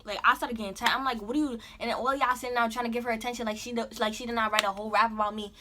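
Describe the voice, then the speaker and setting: Fast-talking bright young woman. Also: a little high. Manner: animated, talks over her friend. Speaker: vlogger. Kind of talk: casual storytelling chat.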